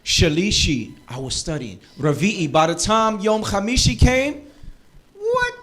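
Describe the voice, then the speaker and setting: Lively joking man teaching a class. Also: high voice, a little slow. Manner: lively, joking, preacher-like urging. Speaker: Hebrew teacher. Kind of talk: live classroom lesson.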